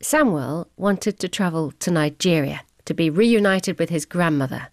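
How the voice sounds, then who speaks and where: A woman narrates a radio documentary in a composed, scripted delivery. Her voice sits a little low, and the studio sound is dry and close. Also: expressive, moderate pace, dry recording.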